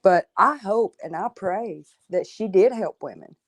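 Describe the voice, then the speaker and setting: A woman's voice: mid-range voice, animated, a little slow. A woman in casual chat, earnest and blunt, speaking from the heart.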